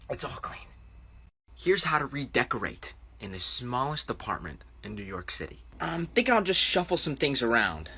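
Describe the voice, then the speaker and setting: A young American man in his twenties, a TikTok vlogger, chats to camera from his tiny New York City apartment, upbeat and poking fun at himself. His voice is a little high and sing-song, a bit bright and slightly rough, at normal speed.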